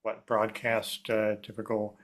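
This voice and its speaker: A man's voice: fairly low pitch, monotone, measured pace, a bit bright. A man hosting a conversational interview who asks long, rambling questions with frequent restarts. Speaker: podcast host.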